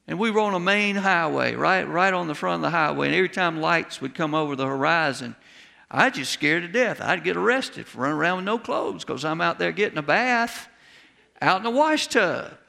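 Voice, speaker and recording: A man's voice: fairly high pitch, animated, a little fast, vocal fry, pushed and bright, big-room sound. A middle-aged man preaching a sermon, telling folksy stories and building to emphatic exclamations. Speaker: pastor.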